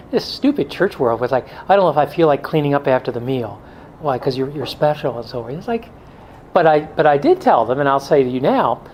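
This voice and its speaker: A man's voice: on the high side, a little mellow, a little hiss or hum, low-quality recording. A middle-aged male pastor giving a blunt, joking talk to a men's group, now and then mimicking excuses in a whiny voice.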